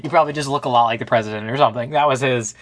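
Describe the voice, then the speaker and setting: A man's voice: mid-range voice, very fast. A man co-hosting a podcast, sarcastically recapping a movie in casual chat and mimicking the characters. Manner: sarcastic, animated retelling with put-on quotes. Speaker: podcast co-host.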